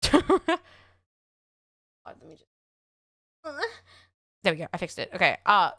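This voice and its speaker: A woman with an Australian accent chatting on a livestream, rambling and excitable, swearing often as she talks to her chat. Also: fairly low pitch, slow pace, dry recording, clean studio sound.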